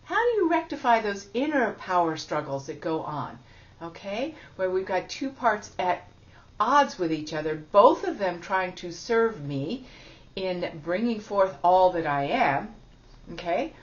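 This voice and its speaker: A woman's voice: medium pitch, very animated, measured pace. A woman giving a spiritual teaching talk in a chatty, self-deprecating way, laughing often. It sounds like a dull lo-fi recording.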